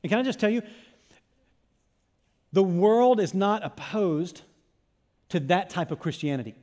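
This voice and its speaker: A man preaching a sermon in church, impassioned, dropping to a hush and then rising to loud emphasis. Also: high voice, expressive, a little slow, pauses often. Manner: impassioned, swings from hushed to loud. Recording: long reverb of a church hall.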